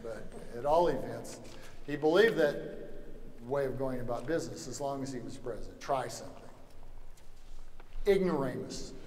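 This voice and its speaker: A man's voice: mid-range voice, darkish tone. A man from Louisiana, giving an anecdotal lecture at a summer seminar in a wry, joking manner, full of "you know" asides. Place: lecture hall. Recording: echoey hall, faint background noise.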